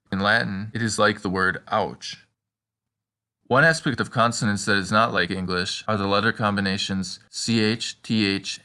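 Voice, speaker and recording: A man teaching in a measured instructional voice, slowly modeling example words. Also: lowish voice, bright, forceful tone. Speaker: language teacher. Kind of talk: instructional narration.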